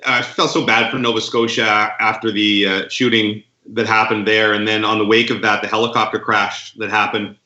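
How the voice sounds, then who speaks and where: Man chatting with a bright voice, dull roomy sound. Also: fairly low pitch, flat delivery, moderate pace, few pauses. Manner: rambling storyteller with fillers and restarts. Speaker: podcast co-host. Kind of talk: casual chat.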